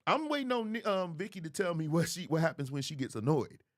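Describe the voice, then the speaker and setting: Emphatic man in his forties, animated pitch. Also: brisk. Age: 40s. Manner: preachy, emphatic, repeats phrases. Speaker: host. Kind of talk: livestream commentary.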